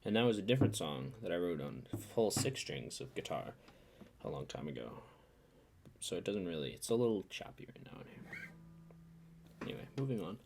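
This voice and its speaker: A man's voice: deep voice, big pitch swings, a little fast, gravelly, noisy background. A man, a singer-songwriter, chatting casually between songs into his own studio microphone, rambling and correcting himself as he goes. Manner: rambling, self-correcting, trailing off into mumbled asides. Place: indoors, dry-sounding room. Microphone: own studio microphone, headphones on. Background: acoustic guitar.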